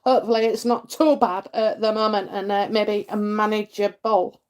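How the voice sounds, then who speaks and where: A middle-aged woman with a Yorkshire accent, hosting a live psychic stream and chatting warmly with viewers between comments, full of fillers and endearments. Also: medium pitch, fairly even intonation, normal speed. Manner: chatty, many fillers, laughs, calls people darling and lovely. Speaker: psychic reading host.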